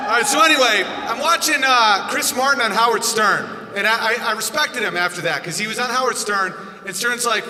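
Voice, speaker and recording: A male stand-up comedian on a loud, profane rant who often breaks into shouting. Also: sits high, a little fast, a crowd in the background. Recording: echoey hall, music behind.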